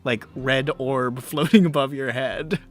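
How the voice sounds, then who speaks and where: A man's voice: medium pitch, a little slow. A man acting as game master of a tabletop game, playful and laughing as he narrates. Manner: playful, laughing, spouting nonsense words.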